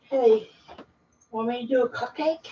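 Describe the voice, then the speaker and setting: A woman's voice: a little high, measured pace. A woman in a casual livestream chat, playful and joking. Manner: playful, joking, sing-song. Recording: roomy, distant, dull, faint noise.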